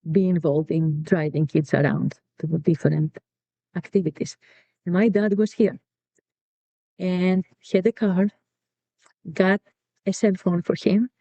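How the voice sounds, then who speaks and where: In an interview captured on a dull, dry lo-fi recording with no echo, a middle-aged woman from Greece tells family stories in a dark, medium-pitched voice. She's a podcast guest and co-founder who reflects and repeats words while searching for them.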